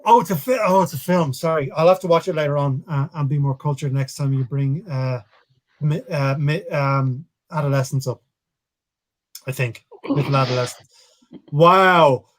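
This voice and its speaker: A man's voice: a little high, moderate pace. An Irish man co-hosting a comedy podcast, joking and self-mocking with stumbling restarts. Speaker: podcast co-host. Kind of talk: casual comedy chat.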